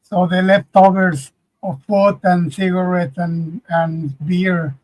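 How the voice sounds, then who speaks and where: A man chatting casually in short, halting remarks. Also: sits high, little pitch movement, poor audio. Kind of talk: casual chat.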